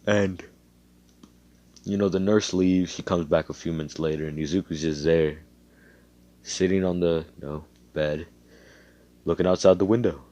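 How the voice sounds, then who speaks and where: A man's voice: low voice, steady tone, normal speed, long pauses, mellow. A young man casually narrating a fan story in a rambling, slangy way, with swearing.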